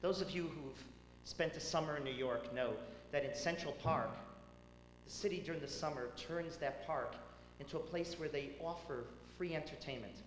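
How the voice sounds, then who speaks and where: A man, a rabbi, giving a tribute speech at a banquet, telling stories with dramatic swings between loud and hushed delivery. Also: fairly high pitch, moderate pace. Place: large banquet hall. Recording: echoey hall with faint hum.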